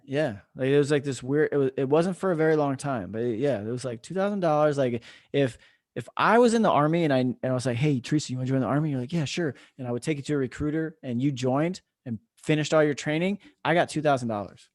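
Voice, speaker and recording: A casual American man in his thirties tells army stories with lively energy and plenty of swearing. His voice sits at an ordinary pitch and sounds close and dry, with no room around it. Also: fast talker, no echo. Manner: swears freely, animated storytelling. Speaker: podcast host; army veteran, former drill sergeant. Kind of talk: casual chat.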